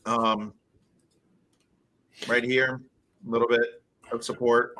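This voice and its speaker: A man co-hosting a live trading stream chats casually, thinking aloud as he walks through charts and tossing in "dude" and "man." His medium-pitched voice is slow and flat in delivery, yet bright and forceful in tone.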